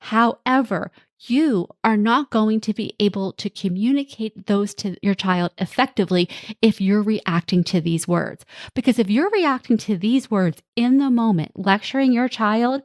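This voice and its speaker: A woman talks as a parenting coach on her own podcast. Her voice sits in a middle range and comes across plain and direct. She reassures her listeners while acting out quick lines from kids and parents. The sound is dry and close, with no room around it. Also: medium pitch, no echo. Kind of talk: solo podcast talk.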